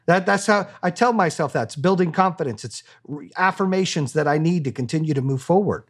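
A man's voice: fairly high pitch, animated, fairly quick, few pauses. A man being interviewed as a business owner, talking candidly in a blunt, profane and fired-up way.

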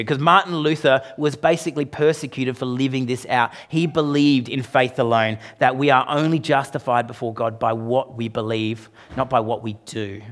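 A male pastor delivers his sermon emphatically and conversationally, regularly asking the congregation questions. He pushes his voice up and down in pitch and volume to drive points home.

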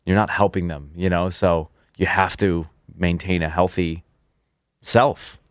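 A man on a podcast gently reassuring his friend, often adding "you know" as he talks. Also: sits low, fairly even intonation, unhurried, no room sound, clean studio sound. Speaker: podcast co-host. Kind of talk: supportive conversation.

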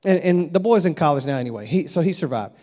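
A middle-aged man with a drawl delivers a relaxed, storytelling revival sermon. His voice sits high, and the church sanctuary adds a long, lingering echo. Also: quick pace. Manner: folksy, conversational, acts out voices in his stories. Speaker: revival preacher.

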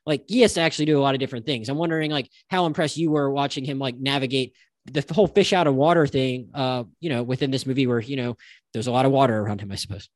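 A man's voice: mid-range voice, quick pace, dry recording. A man hosting a casual film podcast, rambling with lots of stop-start restarts. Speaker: podcast host.

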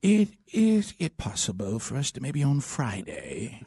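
A man's voice: mid-range voice, wildly swooping pitch, measured pace, dark tone, husky, dry recording. A man with a Southern US accent hosting a casual chat, telling stories in a rambling, folksy way and laughing often. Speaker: host.

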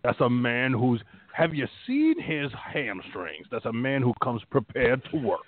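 A man voicing a gruff old football man with a folksy, scolding drawl. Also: mid-range voice, very animated, a little slow. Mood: grumbling. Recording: phone-like line.

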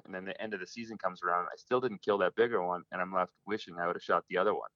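This hunting guest's low, steady voice moves fast with hardly any pauses and no room sound, heard through a phone call. In the casual interview he comes across as earnest and reflective, often restarting what he's saying.

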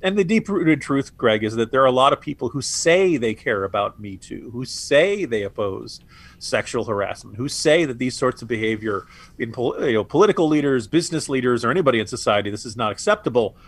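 A man's voice: mid-range voice, animated, fairly quick. Sarcastic, stammering male podcast co-host. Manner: exasperated, sarcastic, stammers and restarts. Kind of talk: political podcast commentary.

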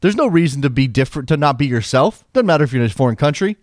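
A man's voice: on the high side, expressive, racing, a little mellow, dry recording. Rambling American man, dry close sound. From United States. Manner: rambling, self-interrupting, opinionated. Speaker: podcast co-host. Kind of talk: casual soccer chat.

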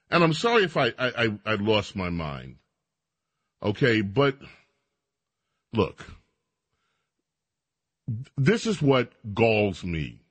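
Husky indignant male radio host. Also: mid-range voice. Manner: indignant, emphatic, with stammered restarts. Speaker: radio talk show host. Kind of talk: opinionated radio monologue.

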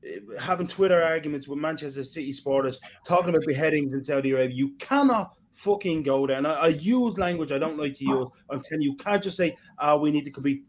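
A man's voice: fairly high pitch, a little mellow, a little hiss or hum. A man arguing passionately on a football podcast, emphatic and swearing. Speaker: podcast co-host. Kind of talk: heated football podcast debate.

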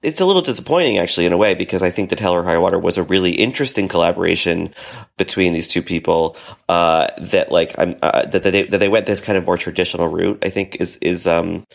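A man with a low voice and vocal fry talks quickly as co-host of a podcast. The conversation is casual; he laughs easily and fills his speech with lots of fillers.

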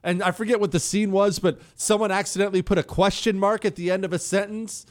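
A man hosting a talk radio show, joking about himself in an animated, self-mocking way. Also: high-pitched, fast. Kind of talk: casual talk radio monologue. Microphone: studio headphones.

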